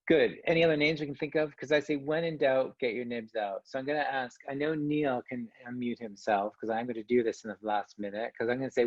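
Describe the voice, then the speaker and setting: Brief: male workshop speaker, jokey and encouraging, slightly husky voice, dull dry video-call sound. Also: medium pitch, no room sound. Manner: lively, joking, coaxing the audience. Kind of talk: online conference talk.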